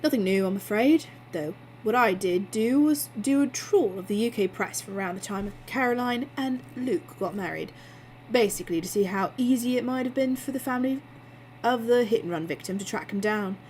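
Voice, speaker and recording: Brief: matter-of-fact male researcher, read by a woman in a storybook reading, mid pitch, faint background hum. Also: normal speed, darkish tone, natural voice, poor audio. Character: male researcher reporting findings.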